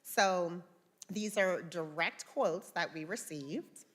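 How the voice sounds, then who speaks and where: A woman's voice: lowish voice, slow pace, a bit bright. A woman presenting research results at a conference in a conversational way, with filler words.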